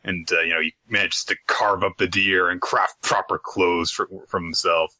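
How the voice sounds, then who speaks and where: A man co-hosting a manga recap podcast, casually walking through the plot and dropping into quick acted-out quotes. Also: sits low, fairly even intonation, bright, forceful tone, dry recording. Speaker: podcast co-host. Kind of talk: casual chat.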